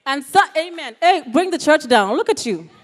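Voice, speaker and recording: A high-pitched woman gives a motivational talk to a youth audience. She is animated and keeps calling out questions to the crowd to draw answers. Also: moderate pace. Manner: animated, asks the audience questions, calls out "yes, yes?". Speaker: motivational speaker. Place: ceremony hall.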